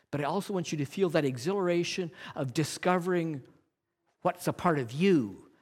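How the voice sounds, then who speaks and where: A man teaching a congregation about evangelism, earnest and coaching, often asking rhetorical questions. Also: fairly high pitch.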